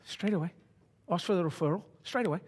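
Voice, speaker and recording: A man in his sixties speaking at a seminar, brash and boastful, dropping to low asides and then pushing up into loud exhortation at the audience. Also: fast. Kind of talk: motivational seminar talk. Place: conference room before an audience.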